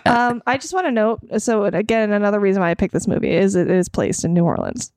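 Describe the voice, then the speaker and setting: A woman co-hosting a casual movie podcast, steering the discussion back on track with quick reactions. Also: mid-range voice, lively intonation, a little mellow. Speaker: podcast co-host.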